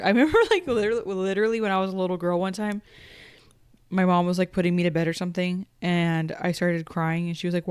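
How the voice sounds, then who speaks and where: Woman, thirties, smooth clear voice, chatty book club co-host, animated storytelling. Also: on the low side, fast talker. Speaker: podcast co-host. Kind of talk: casual chat.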